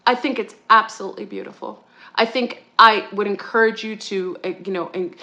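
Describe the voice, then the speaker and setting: A woman hosting a talk show, ranting heatedly and rambling, with restarts and high-pitched outbursts. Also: steady tone, a little fast, sharp tone, muffled recording. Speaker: podcast co-host. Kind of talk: ranting monologue.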